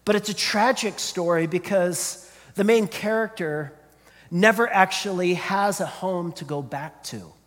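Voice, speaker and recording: A man's voice: high voice, a little slow, a bit bright. A man preaching a sermon, earnest and searching, often repeating his opening words as he builds a point. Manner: earnest, repeats words when starting sentences. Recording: long hall reverb.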